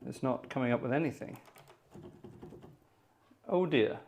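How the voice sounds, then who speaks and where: A man's voice: medium pitch, unhurried, vocal fry, a little mellow, slight background noise. A chatty man hosts a live organ music stream in a mid-range voice. He narrates what he is doing as he goes and mutters exasperated asides under his breath. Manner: chatty, narrating his own tech troubleshooting. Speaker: organ music livestream host. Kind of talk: casual live-stream chat.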